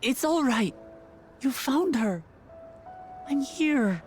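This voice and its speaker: An actress voicing an earnest young woman warrior in a video game, speaking gently and reassuringly. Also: high-pitched, lively intonation, slow, faint music behind. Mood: tender.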